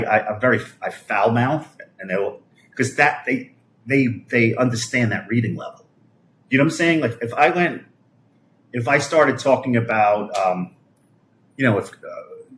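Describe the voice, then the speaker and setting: A man's voice: medium pitch, echoey room, a little hiss or hum. A middle-aged man from Brooklyn, ranting with scorn and heavy swearing on a live stream, stumbling and restarting often. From Brooklyn, New York. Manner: foul-mouthed, scornful, halting with restarts. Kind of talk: profane political rant on a live stream.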